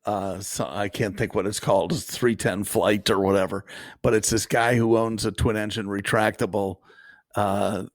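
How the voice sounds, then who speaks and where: A man's voice: lowish voice, fairly even intonation, normal speed, no room sound. A man co-hosting a podcast, chatting casually, laughing often and trailing off at the ends of thoughts. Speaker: podcast co-host. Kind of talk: casual chat.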